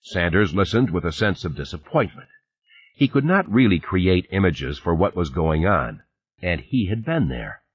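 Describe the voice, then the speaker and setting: A male narrator reads a novel with a deep, husky voice and a lively rise and fall. The recording sounds dull and lo-fi. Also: moderate pace, no room sound. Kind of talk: audiobook reading.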